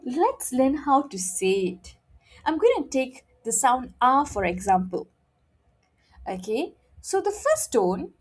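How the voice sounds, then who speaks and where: A woman's voice: a little high, darkish tone, husky. A woman teaching a friendly beginner Mandarin lesson, often checking in with "okay?" in a playful, encouraging way.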